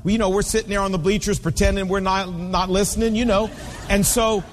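High-voiced preacher, emphatic, in a hall. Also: male voice, flat delivery, brisk, a little hiss or hum. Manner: emphatic, with rhetorical repetition. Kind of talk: sermon.

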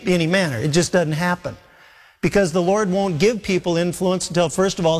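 A man preaching an earnest sermon, often speaking Jesus' words to Peter as direct quotes. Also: a little high. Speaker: pastor. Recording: long hall reverb.

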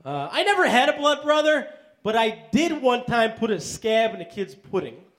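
A man performing stand-up comedy, delivering deadpan one-liners on stage. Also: very high voice, moderate pace.

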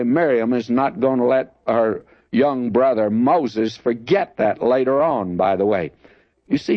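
A man's voice: medium pitch, no echo. A man giving a folksy, conversational Bible teaching, often addressing listeners as friends. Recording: dull lo-fi dry recording.

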